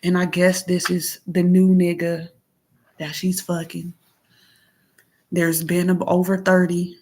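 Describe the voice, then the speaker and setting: A woman venting in a casual monologue into her phone, blunt and heavily profane, moving between heated outbursts and low murmurs. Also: flat delivery, slow, darkish tone, breathy edge. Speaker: vlogger.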